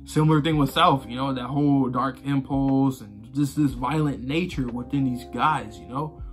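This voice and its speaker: A man's voice: mid-range voice, moderate pace, soft background music. A man casually talking through his reaction to a manga, rambling and conversational, swearing freely and filling gaps with "you know" and "like.". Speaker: manga reaction channel host.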